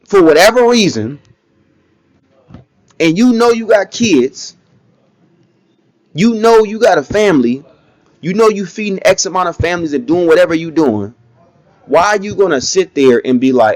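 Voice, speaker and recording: Blunt, animated man with dry close sound. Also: high voice, normal speed, long pauses, no room sound. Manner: blunt, animated, mocking impressions. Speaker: commentary vlogger. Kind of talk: casual opinion commentary.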